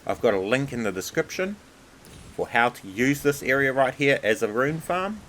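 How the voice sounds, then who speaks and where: A man casually narrating a game walkthrough over gameplay in a relaxed, chatty way. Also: mid-range voice, moderate pace, slight background noise, rough recording. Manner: relaxed, chatty, repeats filler words like "obviously".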